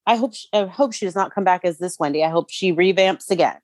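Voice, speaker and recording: A woman's voice: fairly low pitch, fast, dry recording, studio quality. A woman co-hosting a podcast, chatting casually and bluntly about a reality show. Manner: blunt, opinionated, lively. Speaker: podcast co-host.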